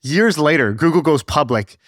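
A man hosting a podcast, telling stories in a lively, swearing, casual way with lots of fillers. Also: a little high, moderate pace, no room sound, studio quality. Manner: animated, profane storyteller with many fillers. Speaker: podcast host. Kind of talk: casual storytelling chat.

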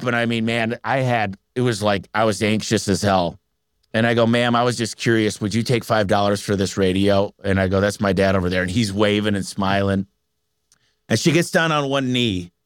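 Low-voiced man telling lively stories. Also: smooth, no room sound, clean studio sound. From Michigan. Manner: energetic, animated storyteller who acts out quotes. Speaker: business owner guest. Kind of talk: casual storytelling interview.

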